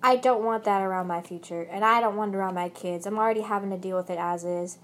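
A woman's voice: mid-range voice, steady tone, quick pace, slight background noise. A young woman with a British accent vlogging about her ex, rambling and swearing heavily, with angry bursts. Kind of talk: emotional personal rant.

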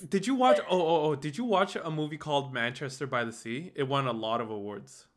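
A woman's voice: rumbling low, brisk. A young woman co-hosting a podcast in casual chat, teasing and swearing playfully. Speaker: podcast co-host.

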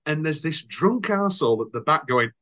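A man's voice: a little high, expressive, fairly quick, pushed and bright. Rambling British man telling anecdotes. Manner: rambling storyteller, acts out quotes in silly voices. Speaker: podcast host. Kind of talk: casual chat, anecdotes.

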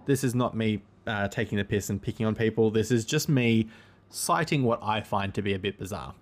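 Male podcast host, lowish voice, loose rambling delivery full of ums, relaxed and chatty. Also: a little fast. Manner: rambling, frequent ums and self-corrections. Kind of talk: casual monologue.

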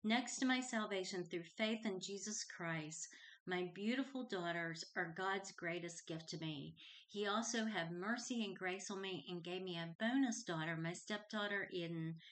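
A woman's voice: lowish voice, normal speed, fairly bright tone. A middle-aged woman hosting her own Christian podcast, talking earnestly and heartfelt as she shares a personal testimony. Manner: earnest and heartfelt, reads scripture aloud. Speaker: podcast host.

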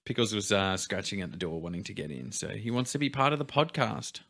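A young man with a bright, forceful voice, talking casually on a podcast. He sits fairly low in pitch and tells his stories in a laid-back way, dropping quieter at the serious parts. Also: sing-song, fairly quick, few pauses. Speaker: podcast co-host.

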